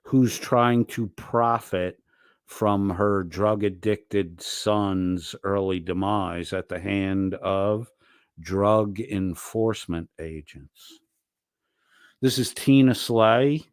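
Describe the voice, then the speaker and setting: An angry man rants and curses through a heated livestream argument. His voice sits low and sounds dry and close, with no room around it. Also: extremely slow, clean tone, no echo. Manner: angry, profane ranting. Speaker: streamer.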